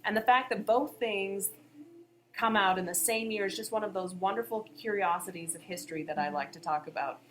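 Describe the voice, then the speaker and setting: A woman who teaches history co-hosts an educational podcast, explaining events conversationally. Her voice is medium-pitched and a little fast, with slight background noise.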